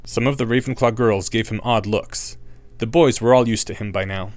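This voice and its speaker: A man narrating an audiobook with an expressive, wry reading. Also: medium pitch, no room sound.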